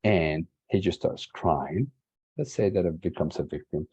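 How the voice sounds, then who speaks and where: A man's voice: deep voice, lively intonation, a little slow, mellow, breathy edge, low-quality recording. A man in his forties from Latin America giving an earnest, emphatic motivational talk and repeating key words for stress. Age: 40s. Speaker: summit speaker.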